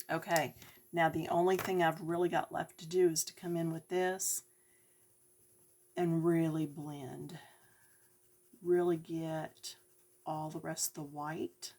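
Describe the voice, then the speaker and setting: A woman's voice: sits low, a little mellow. A woman giving a chatty coloring lesson, talking directly to her viewers. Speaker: coloring tutorial host.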